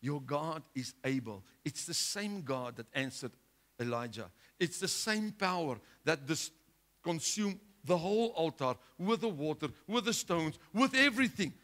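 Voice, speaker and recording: Emphatic, bright-voiced man preaching. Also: fairly high pitch, animated, a little slow. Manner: emphatic preaching with rhetorical questions, swinging between loud and hushed. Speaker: pastor. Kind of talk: sermon.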